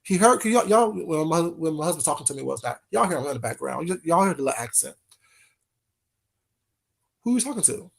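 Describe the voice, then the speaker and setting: Guy with a high voice ranting to his chat, heated, keeps repeating himself. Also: fast talker, vocal fry, hardly any pauses, breathy edge. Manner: heated, talks straight to chat, repeats phrases. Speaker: livestream host. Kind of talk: casual livestream rant.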